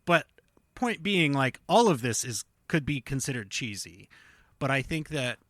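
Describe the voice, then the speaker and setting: An enthusiastic man co-hosting a podcast, with a bright, forward voice at a middle pitch. He chats loosely and peppers his points with "like". The recording is close and dry. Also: sing-song, measured pace, dry recording. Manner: enthusiastic, fond of hedging "like". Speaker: podcast co-host. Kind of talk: casual chat.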